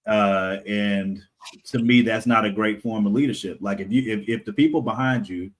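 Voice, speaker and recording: A man's voice: on the low side, normal speed. A man, a comic creator guest, talking casually in a podcast interview, rambling with fillers and frequent laughs.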